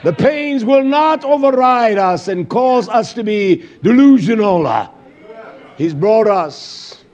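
A man preaching a sermon while seated, repeating phrases and swinging from shouts down to low murmurs. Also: expressive, slow, highs cut off, a faint crowd. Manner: repetitive, call-and-response phrasing.

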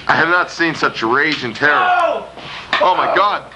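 Guy yelling and cussing through backyard wrestling commentary, slow drawl, loud noisy home-video sound. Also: a little high. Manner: swears often, loud gasps and laughs. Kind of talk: profane excited play-by-play commentary.

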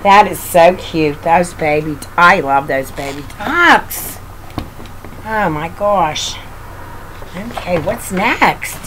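A woman reading a picture book aloud to children, with gentle, doting asides to a child. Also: lowish voice, lively intonation, takes it slowly, slight background noise, rough recording. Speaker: reader of children's books.

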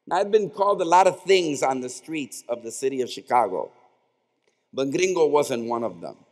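A man delivers a stirring graduation address, building his points through rhetorical repetition. His mid-pitched voice carries through a podium microphone, and a long reverb trails each phrase in the big arena. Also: lively intonation, normal speed, a little mellow. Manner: impassioned oratory with rhetorical repetition. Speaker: commencement speaker. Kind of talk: commencement speech. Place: large indoor arena at a graduation ceremony.

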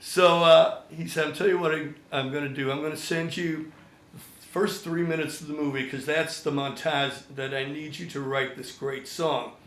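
Older male songwriter guest, animated raconteur, slightly high voice, echoey room. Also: moderate pace. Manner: animated storyteller, acts out quotes. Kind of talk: storytelling anecdote.

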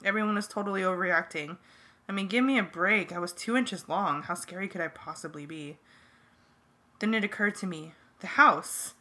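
A woman reading a fan audiobook in the first person, lively and jokey. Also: on the low side, normal speed. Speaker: audiobook reader.

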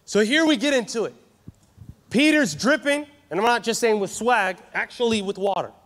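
Animated high-voiced male preacher. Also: normal speed. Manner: animated, joking with the crowd. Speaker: youth conference speaker. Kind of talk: energetic sermon. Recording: live hall reverb.

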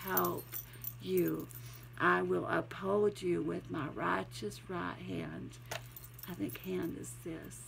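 A woman's voice: fairly low pitch, fairly even intonation, takes it slowly, gravelly, background noise. A woman with a Southern accent who has a cold, giving a homey, encouraging devotional talk with scripture readings. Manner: homey, encouraging, chatty asides. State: has a cold, sniffling and sneezing. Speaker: Christian devotional vlogger.

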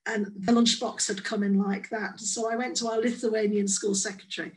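An English woman giving a conference presentation, playful and lively, acting out the quoted voices in her examples. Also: medium pitch, normal speed, low-quality recording. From England. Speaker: conference speaker.

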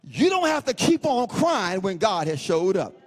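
A pastor preaching a sermon, swinging between sing-song chanting and shouts and repeating phrases for emphasis. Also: male voice, high voice, big pitch swings, normal speed, in a large hall.

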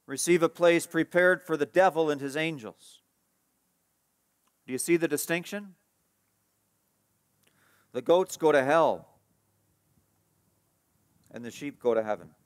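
A man preaching a sermon as pastor, emphatic and repetitive, dropping to a soft hush for tender passages and rising for key points. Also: measured pace, long pauses, no room sound, studio quality. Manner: emphatic preaching, repeats key phrases, rises in pitch and force when stressing points.

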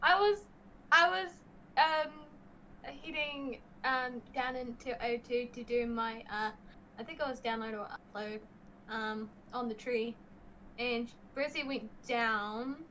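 A woman's voice: on the high side, fairly even intonation, slow, pushed and bright, poor audio. A woman in a casual gaming chat, hesitant and giggly, with many fillers. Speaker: game player.

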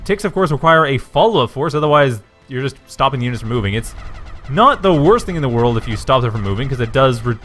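A man casting a strategy game match with chatty play-by-play commentary, talking in a low morning voice after just waking up, often correcting himself and getting excited at the action. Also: fast talker, soft background music. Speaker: game caster.

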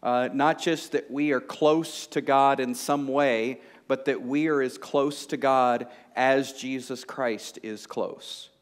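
A man's voice: medium pitch, steady tone, slow pace, hardly any pauses. A man preaching a sermon to a congregation, conversational and joking, with frequent fillers like "you know". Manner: conversational, humorous, lots of fillers. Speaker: pastor. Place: church sanctuary before a congregation.

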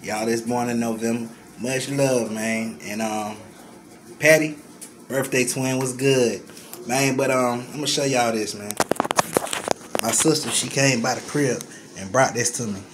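A man's voice: mid-range voice, fairly even intonation, a little slow. Choked-up man vlogging to followers. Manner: emotional, choked up, heavy sighs. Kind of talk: casual vlog to followers. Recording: noticeable room noise.

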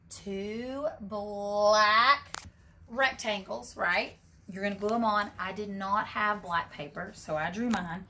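A woman preschool teacher reading a picture book aloud to young children, animated for the character lines and asking the kids questions. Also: medium pitch, a little slow. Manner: asks children questions and calls them friends. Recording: distant from the mic with faint background noise.

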